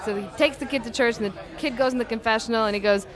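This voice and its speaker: A woman, a guest author, telling a joke and acting out the quoted lines in a higher, louder voice. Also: racing, hardly any pauses, a faint crowd.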